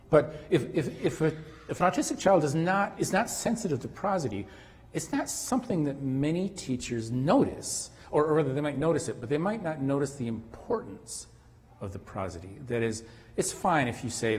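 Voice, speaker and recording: A man giving an academic conference lecture, halting at times with restarts and fillers. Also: on the high side, sing-song, a little mellow. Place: conference hall. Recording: long hall reverb.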